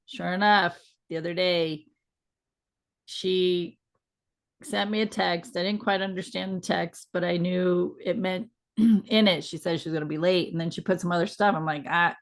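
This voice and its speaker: A woman with a lower voice co-hosts a casual talk show. She tells her stories in an easygoing, reflective way. Her tone stays gentle and reassuring. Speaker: podcast co-host. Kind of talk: casual conversational storytelling.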